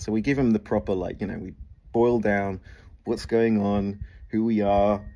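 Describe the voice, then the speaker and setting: An English man telling a funny story from his school days in a casual, animated way, swinging his voice up and down for effect. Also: normal speed, lo-fi sound. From England. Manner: animated, big swings in pitch and loudness for effect.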